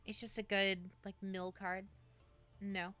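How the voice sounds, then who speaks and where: A woman's voice: mid-range voice, flat delivery, slow, sharp tone, soft background music. A woman streamer in casual livestream chat, coaching a friend through building a deck, with many fillers and restarts.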